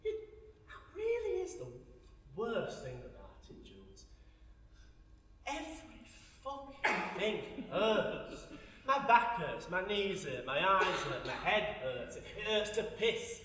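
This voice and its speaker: A man's voice: sits high, huge pitch swings, slow pace, pushed and bright, full character voice. A man playing a foul-mouthed old woman. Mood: grumbling wry, then lonely bitter. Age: older. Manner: salty, swearing, blunt, darkly wry. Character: lonely foul-mouthed old Sheffield woman, blunt and bitter. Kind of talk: stage monologue. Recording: echoey hall recorded from a distance.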